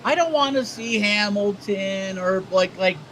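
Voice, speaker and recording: A man's voice: high-pitched, measured pace, a bit bright, slight background noise, rough recording. A man co-hosting a casual livestream chat, rambling and swearing and stumbling over repeated words. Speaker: co-host.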